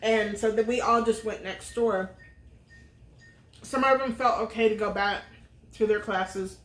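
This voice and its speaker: Her voice is medium-pitched, steady and fairly bright, and she takes her time. The middle-aged vlogger earnestly shares a personal story, using plenty of fillers, in a room that echoes noticeably.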